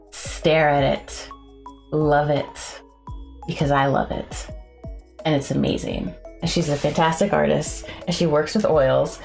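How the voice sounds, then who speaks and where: A woman artist chatting casually on a co-working livestream, effusive and excitable, sometimes breaking into high squeals. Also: gravelly. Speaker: artist streaming a co-working session.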